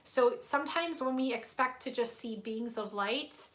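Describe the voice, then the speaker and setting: A woman giving a live spiritual tarot reading to her viewers, soft-spoken and gushing, with many fillers and easily moved to emotion. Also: on the high side, a little slow. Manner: emotional, tearful at moments. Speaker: tarot reader hosting a livestream.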